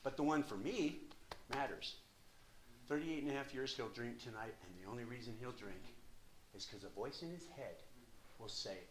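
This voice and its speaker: Older man, 60s, emphatic recovery share, mid pitch, hushed to loud, profane. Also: moderate pace, long pauses, a little hiss or hum. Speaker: speaker at a recovery meeting.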